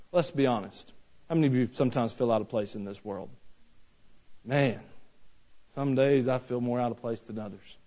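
A man's voice: medium pitch, normal speed, long pauses, mellow, dull audio. A man preaching a sermon. He talks in a folksy, joking way that builds into fervent preaching. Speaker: pastor.

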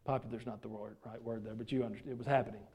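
A man's voice: medium pitch, fairly even intonation, very fast, darkish tone, husky. A middle-aged man preaching a sermon in a church, folksy and joking, full of rhetorical questions to the congregation. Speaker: pastor.

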